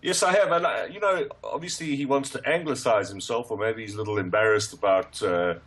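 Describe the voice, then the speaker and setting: A man's voice: mid-range voice, brisk, fairly bright tone, breathy edge. A man giving football opinions as a radio pundit, hesitant and full of fillers. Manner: hesitant, many fillers and restarts.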